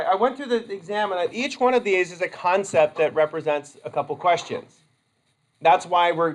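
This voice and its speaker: Here a male college instructor with a high voice rambles casually through a classroom lecture, chatty and prone to breaking off mid-sentence. The recording is low quality.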